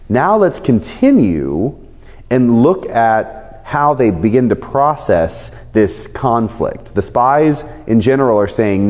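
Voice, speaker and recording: Animated man teaching in a reverberant hall. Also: medium pitch, slow. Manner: explains with everyday examples, animated emphasis. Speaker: Bible teacher. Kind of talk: conversational Bible teaching.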